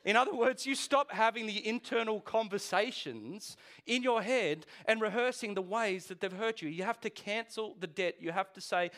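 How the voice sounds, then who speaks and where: Animated high-voiced male preacher. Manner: animated, conversational preaching with quick restarts and asides. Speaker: pastor. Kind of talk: sermon.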